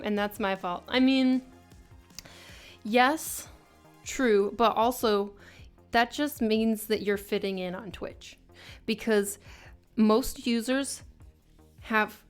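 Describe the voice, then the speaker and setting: A woman streaming live as she draws, chatting casually with her viewers, laughing often and joking at her own expense. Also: a little high. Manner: chatty, self-mocking, laughs often, drops to mutters. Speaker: art streamer. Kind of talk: casual live-stream chat while drawing.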